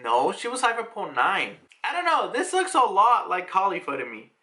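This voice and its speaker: A man giving casual, animated reaction commentary on a manga chapter; he is chatty, laughs often and swears casually. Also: high-pitched, brisk.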